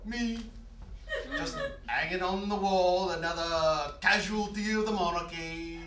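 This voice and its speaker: A man's voice: sits high, unhurried, fairly bright tone, a little hiss or hum. A man voicing a mounted stag head that chides a politician in a mock-British manner, recorded on an echoey stage from a distance. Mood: chiding. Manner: mock-British, chiding and sly. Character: talking mounted stag head, male, wry and meddling.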